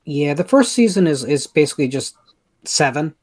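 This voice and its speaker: A man's voice: on the high side, animated, normal speed. A man in a casual commentary chat, talking with enthusiasm and rambling.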